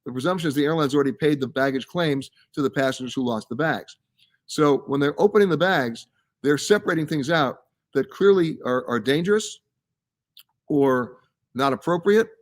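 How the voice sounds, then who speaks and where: Live from a science center, a man with a slightly high voice hosts a travel show at a moderate pace. In a casual live-stream chat, he reads viewer comments aloud and responds emphatically.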